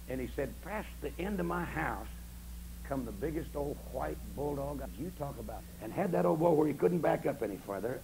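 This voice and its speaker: A man preaching a camp meeting sermon, telling folksy stories and swinging from soft asides to shouting, on an old recording with a faint hum. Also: medium pitch, gravelly, poor audio. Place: camp meeting, outdoors or in a tabernacle.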